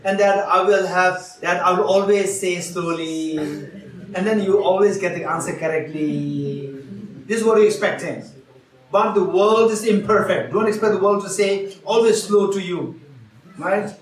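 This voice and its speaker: Heard from far off in a roomy retreat teaching hall, a man with a high, fairly bright voice leads an interactive Buddhist teaching. He asks his audience questions and returns again and again to key phrases.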